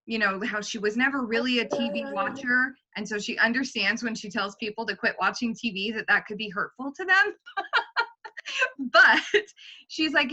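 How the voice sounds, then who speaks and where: An animated woman chats with a group about a book, laughing between thoughts. Her voice sits a little high and rings very bright. The audio is dull and lo-fi, like an online call. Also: moderate pace. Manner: chatty, animated, laughs often. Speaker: team leader in a book club call. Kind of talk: casual group discussion.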